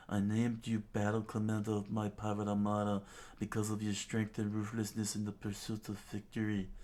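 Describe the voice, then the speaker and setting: A man's voice: fairly low pitch, warm tone, lightly acted. A man doing a stern, scolding pirate captain.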